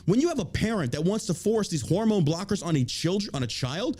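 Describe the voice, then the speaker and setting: A podcast host rants through an opinion show, his voice sitting high with lively intonation and a darkish tone. He talks fairly quickly, swears heavily, and mocks the people he criticizes by imitating them in put-on quotes.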